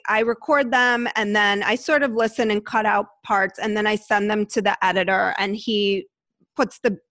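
A woman chatting casually about her podcast, with animated storytelling and lively quoted asides. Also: mid-range voice, dry recording. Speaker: podcast host and guest. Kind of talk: casual conversation.

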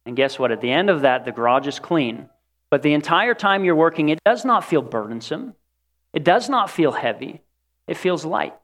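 A man preaches a sermon in an animated style, acting out the voices of the people he quotes. His voice is a little high and his pace moderate.

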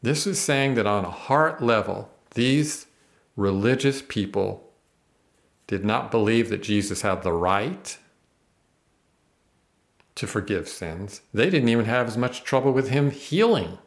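A man's voice: lowish voice, lively intonation, a little slow, vocal fry. A man teaching the Bible on a podcast, earnest and emphatic, reading verses aloud and explaining them.

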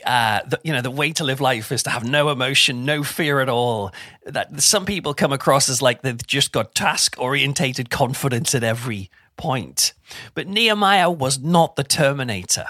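A middle-aged man giving an informal Bible talk in a chatty, animated way with self-deprecating humour. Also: medium pitch, moderate pace, no echo, clean studio sound. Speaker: preacher.

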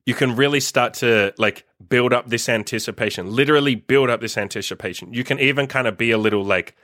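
A man's voice: medium pitch, a little fast, sharp tone, no room sound, clean studio sound. A man hosting a podcast, giving blunt advice in a casual, frank monologue full of "like" fillers. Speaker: podcast host.

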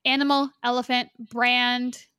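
A woman's voice: on the high side, flat delivery, a little slow, sharp tone, clear, resonant tone, dry recording, clean studio sound. A young woman co-hosting a podcast, talking bluntly and casually, swearing offhandedly. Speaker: podcast co-host. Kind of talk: casual chat.

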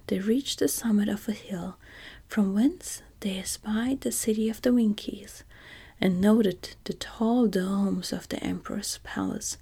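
Woman narrator, whispered role-play storybook reading, breathy, husky. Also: mid-range voice. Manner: soft, even storybook reading.

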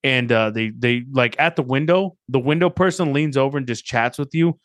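A man's voice: mid-range voice, moderate pace, no room sound. Joking man telling stories, dry sound. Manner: storytelling, joking, acts out quotes. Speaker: podcast co-host. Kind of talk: casual chat.

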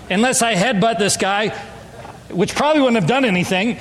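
A man's voice: high voice, a little fast, a bit bright. A man preaching an emphatic, story-driven sermon as a pastor. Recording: long hall reverb.

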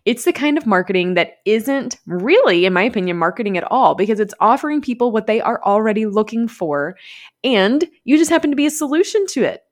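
A woman's voice: a little high, big pitch swings, brisk. A woman with a Southern US accent hosting a podcast, talking chattily and upbeat and laughing often. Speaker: podcast host. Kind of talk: podcast monologue.

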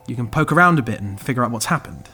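A wry technician, played by a man, full of dry, quick asides. His husky voice swings widely in pitch. Faint music plays under him in this audio drama. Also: lively intonation, pushed and bright, heavily acted.

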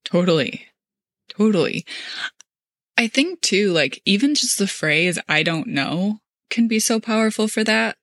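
A young woman talks as a podcast guest, her voice bright and a little tense, recorded close and dry. She speaks thoughtfully and gently, leaning on "like" and laughing easily. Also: medium pitch, expressive, measured pace, no room sound. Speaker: podcast guest, social media manager. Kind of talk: casual conversational interview.

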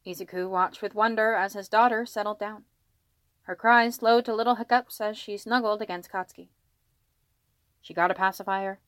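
A woman narrating a fanfiction story in a steady storytelling read. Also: medium pitch, fairly quick, dry recording. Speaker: fanfiction reader. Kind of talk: audiobook narration.

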